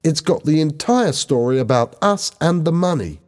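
A man voicing Lisa, a quick-tempered teenage schoolgirl who speaks sharply and indignantly. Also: fairly high pitch, expressive, darkish tone, pitched above the performer's own voice, natural voice.

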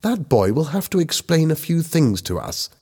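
A man doing a calm, sensible schoolteacher. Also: a little high, normal speed, slightly rough, pitched above the performer's own voice, exaggerated voice. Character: adult male economics teacher, calm and sensible.

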